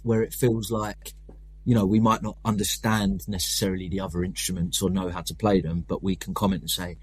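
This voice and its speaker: A man's voice: deep voice, little pitch movement, slight background noise. A young man with a London accent, chatting in an interview about his band's songwriting in a rambling, self-deprecating way. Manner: rambling, self-deprecating, quick talker with restarts. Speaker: punk band vocalist and lyricist. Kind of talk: casual interview chat.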